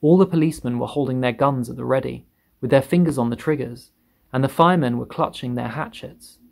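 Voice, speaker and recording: A man narrating a children's story aloud, expressive and lingering on words for effect. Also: mid-range voice, creaky. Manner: lively, expressive read with drawn-out emphasis.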